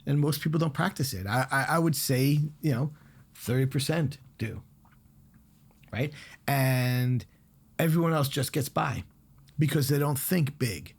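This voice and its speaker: Husky-voiced chef, blunt storyteller. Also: male voice, medium pitch, a little slow, pauses often. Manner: blunt, animated storytelling with swearing. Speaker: guest chef. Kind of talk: casual podcast conversation.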